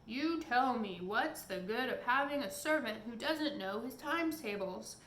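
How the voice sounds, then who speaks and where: A woman voicing a huge, bad-tempered male giant who shouts and blusters, in an echoey room. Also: on the high side, animated, a little slow, a little hiss or hum. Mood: angry roaring.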